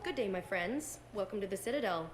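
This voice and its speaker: A woman's voice: mid-range voice, expressive, fairly quick, lightly acted. An actress playing a polite, formal female shopkeeper in a video game, heard as game audio. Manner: courteous, formal. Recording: distant game audio with crowd.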